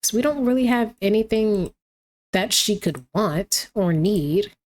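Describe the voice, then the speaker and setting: A woman's voice: medium pitch, animated, unhurried, a little mellow. Woman, game commentary, casual, chatty, reactive, addresses characters directly. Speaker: gameplay commentator.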